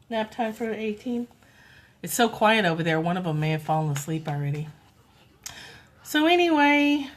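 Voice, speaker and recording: A middle-aged woman chatting casually on a phone livestream at home, talking softly and cooing now and then to toddlers. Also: medium pitch. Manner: chatty, soft, coos to toddlers. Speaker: livestream host.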